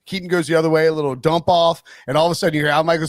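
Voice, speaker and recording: Guy hosting a sports betting stream, kinda high voice, rambly and animated, dry close sound. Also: very fast, few pauses, no echo. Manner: rambling, animated, self-interrupting. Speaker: host.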